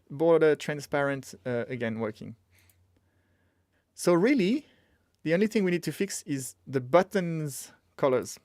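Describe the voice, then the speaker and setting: During a casual live-coding stream, a man with a medium-pitched, somewhat dark voice thinks out loud and murmurs to himself while working. The audio is studio quality, with no echo.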